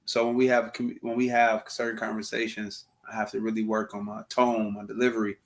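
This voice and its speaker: A man's voice: lowish voice, little pitch movement, a little fast. A young man co-hosting a casual chat, earnest and a bit preachy, speaking to viewers and acting out what people say. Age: young adult. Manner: earnest, preachy asides to viewers, acts out quotes. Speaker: co-host.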